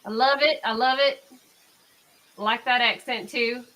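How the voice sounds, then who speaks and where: A woman's voice: on the high side, fairly even intonation, measured pace, pushed and bright, poor audio. A woman hosting a livestream, chatting casually with her viewers as she comments on a trial. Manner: chatty, talks over the played audio. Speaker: livestream host.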